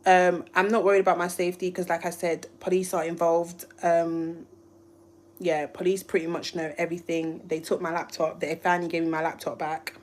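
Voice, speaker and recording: A woman's voice: fairly low pitch, level tone, fairly quick. A woman from the UK, a YouTuber, telling a rambling, emotional story on a live stream. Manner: emotional, rambling, restarts often. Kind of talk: casual livestream storytelling.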